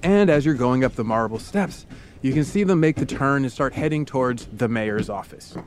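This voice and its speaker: A male podcast host spins a true story as a lively imagination exercise, addressing the listener as "you." He is playful and theatrical, dropping in brief funny voices for the characters along the way. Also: medium pitch, normal speed, slight background noise. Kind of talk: storytelling narration in second person.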